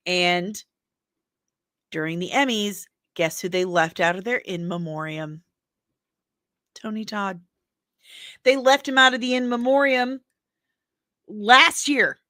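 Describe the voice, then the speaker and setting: A woman's voice: fairly low pitch, slow, long pauses, a bit bright, no room sound, studio quality. A woman hosting a casual entertainment news show, chatty and rambling with jokey asides. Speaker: host.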